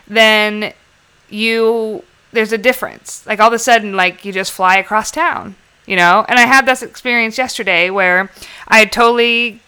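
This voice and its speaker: A woman chatting casually in a bright, crisp voice. She tells stories candidly and animatedly, swearing freely as she goes. Her voice is clear and sharp. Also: medium pitch. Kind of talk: casual chat.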